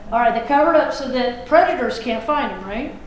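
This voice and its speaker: A woman's voice: high voice, lively intonation, brisk, a little hiss or hum. A woman teacher giving a classroom lecture, folksy and chatty, checking in with the class. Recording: echoey classroom from far off.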